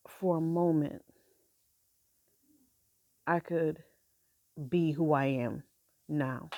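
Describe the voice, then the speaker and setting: A middle-aged woman with a gravelly, mellow voice tells a personal story. She speaks softly and haltingly, pausing often between thoughts, and the sound is close and dry. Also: low-pitched, steady tone, dry recording, dull audio. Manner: halting, soft-spoken, with many pauses and fillers. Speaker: grieving mother sharing her story.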